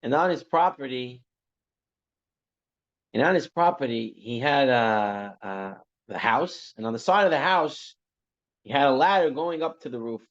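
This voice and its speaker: A man's voice: medium pitch, expressive, a little slow. A man teaching a religious class, telling stories in a conversational way that often checks in with "right?". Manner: conversational, repeats phrases, asks "right?". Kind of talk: Torah class with storytelling. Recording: muffled lo-fi recording.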